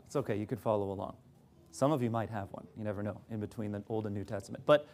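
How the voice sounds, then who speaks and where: A man's voice: on the low side, steady tone, fast, darkish tone. A man preaching a sermon to a congregation, sarcastic in places and emphatic in his points.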